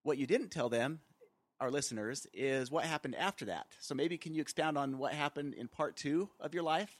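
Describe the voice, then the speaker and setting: A man's voice: on the high side, moderate pace, dry recording. A man hosting a podcast, inviting his guest to tell more. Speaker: podcast host. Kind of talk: interview questions.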